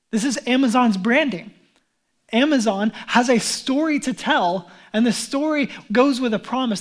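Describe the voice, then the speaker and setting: A male pastor preaching a casual, conversational sermon. He talks in an easygoing, chatty way, with plenty of fillers and restarts, and warmly calls the congregation beloved. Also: very high voice.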